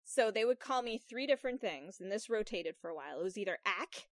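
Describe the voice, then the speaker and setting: A woman's voice: medium pitch, lively intonation, fast, no echo, clean studio sound. A woman hosting a podcast interview, chatting casually and encouraging her guest with frequent affirmations. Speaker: podcast host.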